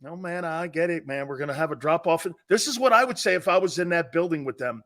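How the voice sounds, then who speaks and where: A man's voice: a little high, expressive, fast talker, hardly any pauses, a bit bright. A man hosting a sports talk show, blunt and brash, trash-talking callers and hammering his points home with a repeated "Okay?".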